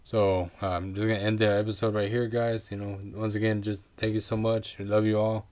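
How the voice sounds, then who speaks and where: A male podcast host with a somewhat low-pitched voice talks casually. He gushes and rambles, trips over his words and restarts his sentences often. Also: level tone, a little fast, a little mellow. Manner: gushing, rambling with many fillers and restarts. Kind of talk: casual fan review chat.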